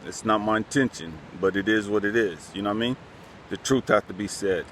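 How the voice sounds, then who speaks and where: Earnest low-voiced man talking from the heart. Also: a little fast, a bit bright, a little hiss or hum. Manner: earnest, conversational, keeps repeating a refrain. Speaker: channel host. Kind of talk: heartfelt talk to camera.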